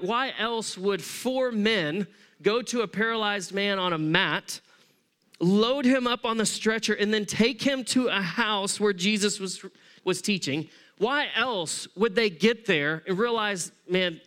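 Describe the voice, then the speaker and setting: A man preaching a sermon as pastor, conversational and animated, acting out the people in the story as he tells it. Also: high voice, clear, resonant tone. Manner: acts out voices of people in the story.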